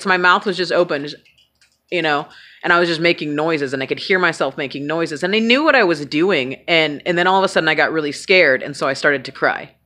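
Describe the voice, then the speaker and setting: A woman's voice: low voice, brisk, sharp tone. A woman telling a personal story in a casual, candid way, swearing freely and joking at her own expense. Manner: candid, swears freely, self-mocking humor. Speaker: vlogger.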